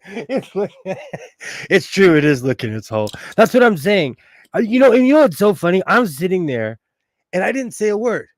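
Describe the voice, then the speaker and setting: A man from Los Angeles hosting a sewing livestream, chatting casually with frequent laughter and animated storytelling. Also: sits high, normal speed. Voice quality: bald. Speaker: livestream host. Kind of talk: casual chat while sewing.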